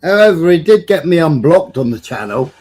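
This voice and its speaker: A man's voice: a little high, big pitch swings, brisk, a little mellow. A man hosting a casual livestream, blunt and sweary with teasing banter. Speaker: livestream host.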